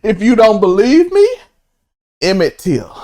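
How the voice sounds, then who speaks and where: A man co-hosting a casual podcast chat, excitable, laughing often and swinging from high to low. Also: a little slow. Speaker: podcast co-host.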